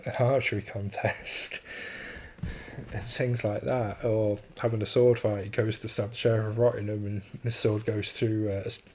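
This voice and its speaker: A man's voice: fairly low pitch, level tone, moderate pace, a little mellow, slight background noise. A man hosting a solo podcast, talking casually and enthusiastically, chuckling often and restarting his sentences. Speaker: podcast host.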